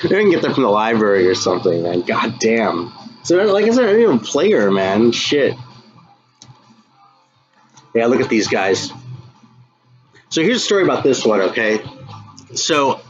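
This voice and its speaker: A man's voice: medium pitch, big pitch swings, moderate pace, long pauses, dull audio, soft background music. An American man hosting a live stream, chatting loosely about records and answering viewers, swearing freely and calling people dude and man. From United States. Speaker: live stream host showing metal records. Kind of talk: casual chat reading viewer comments.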